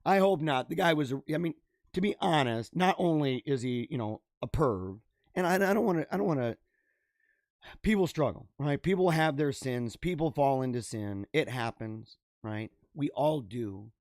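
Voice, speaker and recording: A man's voice: mid-range voice, lively intonation, normal speed, darkish tone, no echo, studio quality. Laughing man riffing on odd news. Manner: laughing, rambling, talks straight to viewers. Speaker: podcast host. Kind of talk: casual commentary reading news stories.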